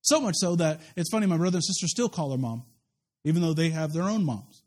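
A male pastor with a notably high voice preaches in a relaxed, conversational way. He drifts from scripture into personal stories, stumbling over and repeating words, and pokes fun at himself. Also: quick pace. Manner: conversational, repeats words and restarts, self-deprecating humor. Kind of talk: sermon with personal storytelling.

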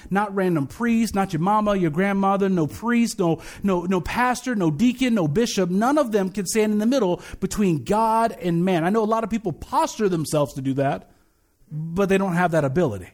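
A man preaching a conversational sermon, casual and joking, often restarting and repeating words, and reading a creed slowly. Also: high-pitched, lively intonation, a little mellow. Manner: recites the creed slowly and deliberately. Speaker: pastor.

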